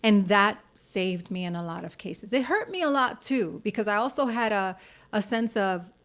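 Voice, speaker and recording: A woman's voice: medium pitch, animated, normal speed. An American woman, a singer-songwriter and actress, telling her story candidly in a casual interview and acting out the voices of people she quotes.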